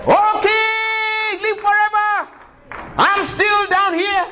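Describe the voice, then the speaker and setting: A male preacher voicing a faithful prophet who calls out loudly and earnestly from below. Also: high voice, animated, a faint crowd. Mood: cheerful calling. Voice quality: loud calling voice. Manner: shouted, drawn-out delivery. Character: faithful young male prophet, calm and reassuring.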